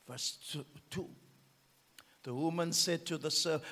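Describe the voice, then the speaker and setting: A man preaches a fiery sermon with a high, wildly swinging voice. His tone is gravelly and husky, and he drops from shouts to whispers. A long hall reverb trails every phrase. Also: wildly swooping pitch, a little slow. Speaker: pastor.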